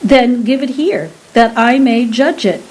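A woman's voice: on the high side, expressive, measured pace, a little mellow, rough recording. A woman voicing a stern, suspicious Elizabethan man, an astrologer-conjurer who speaks in archaic, commanding phrases.

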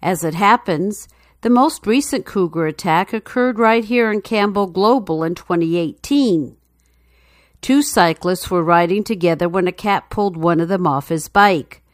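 A woman's voice: lowish voice, moderate pace, no room sound, clean studio sound. A woman narrating a true story as scripted narration, telling it in a dramatic, suspenseful way.

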